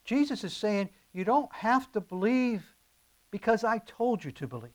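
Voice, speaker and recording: A man's voice: sits high, expressive, moderate pace. A man preaching a sermon, impassioned and emphatic, building through repeated phrases and slipping into conversational asides with stumbles and restarts.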